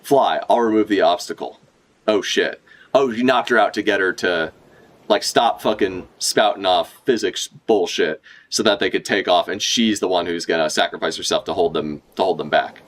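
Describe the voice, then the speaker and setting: Speaking at normal speed in a low-sitting voice, a man streams a relaxed manga read-along, reacting with excitable, profane asides and meandering commentary.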